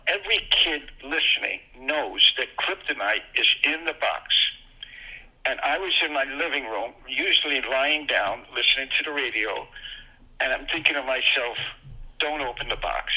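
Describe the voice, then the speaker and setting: An older man from Brooklyn, telling childhood stories as a guest in casual chat. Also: low-quality recording. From Brooklyn, New York. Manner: animated, jumps into excited high voices for quoted moments. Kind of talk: casual storytelling.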